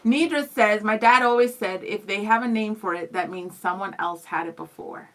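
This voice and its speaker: A young woman co-hosting a radio show, chatting casually and reading viewer comments aloud in a lively way. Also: medium pitch, normal speed, rough recording. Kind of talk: casual live-stream chat.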